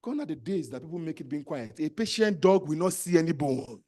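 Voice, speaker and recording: Nigerian guy, pretty high voice, preaching business hustle to a crowd, pushy and repetitive, bits of pidgin. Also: lively intonation, a little fast, mellow. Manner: emphatic, exhorting, repeats commands to the audience. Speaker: entrepreneurship trainer. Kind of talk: live motivational speech.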